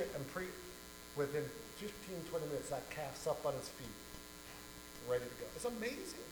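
A man preaching a sermon as pastor, telling a parable with lively acted-out voices. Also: a little high, reverberant, noisy background. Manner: animated storytelling, acting out voices and shouts. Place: church.

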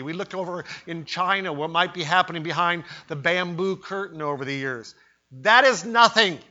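A man preaching a sermon in an emphatic way, rising to loud cries when he voices quoted pleas. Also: on the high side. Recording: dull lo-fi sermon recording.

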